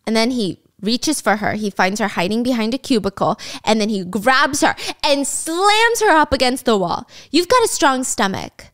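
A woman casually recapping a drama on a podcast, acting out the lines with lively, swearing commentary. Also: a little high, normal speed, hardly any pauses.

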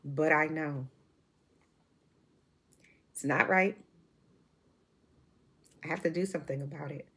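A woman's voice: low-pitched, takes it slowly, long pauses, a bit bright, breathy edge. A woman in her forties giving an emotional, emphatic monologue to camera, repeating herself and restarting sentences. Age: 40s. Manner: emphatic and repetitive, full of restarts. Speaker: vlogger.

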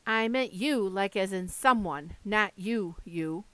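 A woman voicing a touchy, jittery young satyr boy, half goat, with a high nervous edge in an audiobook reading. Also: takes it slowly, bright, forceful tone, clean tone, dry recording. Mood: anxious. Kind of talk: audiobook character voice.

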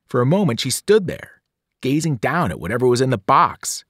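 A teacher reading a novel aloud with drama, his voice rising and falling in a very lively way. The sound is dry and close to the microphone. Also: medium pitch, normal speed, husky, dry recording. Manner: dramatic, with whispered and shouted voices. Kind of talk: expressive read-aloud narration.

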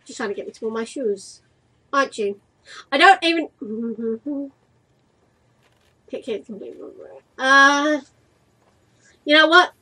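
A woman's voice: high voice, measured pace, long pauses, sharp tone, low-quality recording. A young woman giving crude, cheeky let's-play commentary while playing a game, playfully exasperated at what is on screen. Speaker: gaming video creator.

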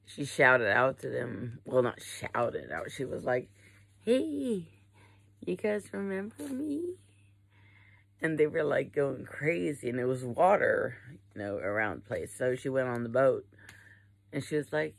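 A woman's voice: very deep voice, vocal fry, low-quality recording. A young adult woman chatting casually while unboxing a haul. She rambles, swears freely and often trails off mid-sentence. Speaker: vlogger.

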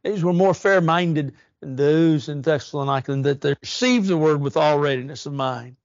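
In a church, an earnest male preacher delivers a sermon with rising emphasis and slow, drawn-out stresses. His voice is a little high, and the dry recording sounds slightly muffled.

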